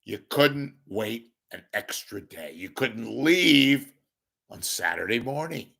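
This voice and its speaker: A hoarse man delivering a sarcastic ranting monologue as a commentator. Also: medium pitch, pushed and bright.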